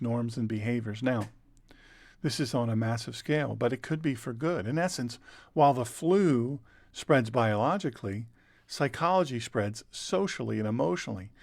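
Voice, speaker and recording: A man's voice: medium pitch, vocal fry, no echo. Earnest preacher man, dry close sound. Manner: earnest, repeats words for emphasis. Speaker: pastor and show host. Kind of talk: conversational sermon.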